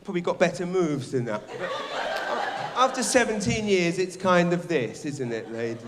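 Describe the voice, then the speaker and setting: A middle-aged man performing a rambling, animated stand-up comedy set on a theatre stage. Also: high voice, moderate pace, crowd noise. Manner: animated, shouting bits, rambling restarts. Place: theatre stage before a live audience.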